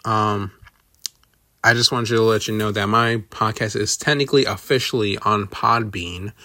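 A man's voice: on the low side, steady tone, normal speed, bright, forceful tone, no room sound, clean studio sound. A man hosting a solo podcast, rambling casually with lots of swearing and self-deprecating asides. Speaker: podcast host.

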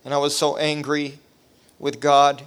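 Impassioned pastor, smooth higher voice. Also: male voice, monotone, unhurried. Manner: impassioned, rising to near shouting; preacherly cadence with repetition. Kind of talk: revival sermon testimony.

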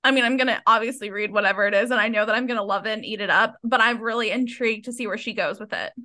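A woman co-hosting a book podcast in casual chat, animated, laughing often and swearing freely. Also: fairly high pitch, racing. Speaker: podcast co-host.

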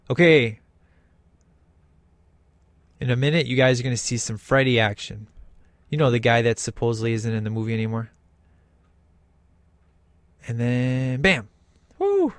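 A man's voice: medium pitch, lively intonation, moderate pace, long pauses, fairly bright tone, dry recording. A man talking through a film in casual commentary, enthusiastic and emphatic with lots of slang.

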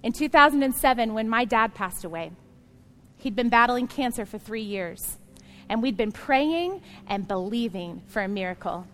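With a slightly high, animated voice at a normal pace, a female pastor speaks earnestly and straight to her listeners. As the sermon goes on, she rises into loud, emphatic sections.

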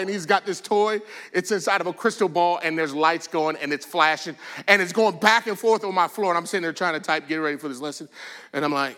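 Bright, animated preacher, man. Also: high voice, a little fast. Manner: animated storytelling, bursts into shouts and drops to soft asides. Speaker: pastor. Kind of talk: sermon.

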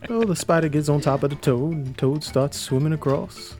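A man playing a tabletop game, telling a campfire fable in an animated, playful way. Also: a little high, normal speed, few pauses, soft background music. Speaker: player.

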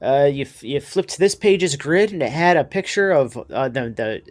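Male co-host, slightly high voice, hesitant and halting. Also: animated. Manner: hesitant, full of restarts and fillers. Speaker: podcast co-host. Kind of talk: casual chat.

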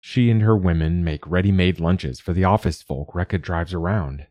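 A man hosting and narrating a short story in a calm, measured way. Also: low-pitched, no room sound. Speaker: host and narrator.

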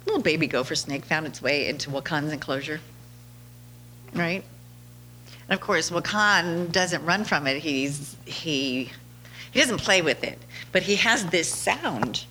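Chatty woman telling stories, bright clear voice, laughs a lot, faint hum behind. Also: sits low, unhurried. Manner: chatty, laughs often, animated quoting. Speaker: podcast host. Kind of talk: casual storytelling monologue.

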